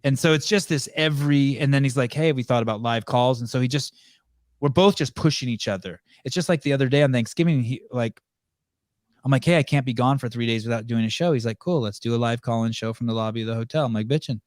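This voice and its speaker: Profane storytelling podcast host, dry sound. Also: male voice, mid-range voice, fast, no room sound. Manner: profane, acts out quoted dialogue. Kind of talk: casual storytelling chat.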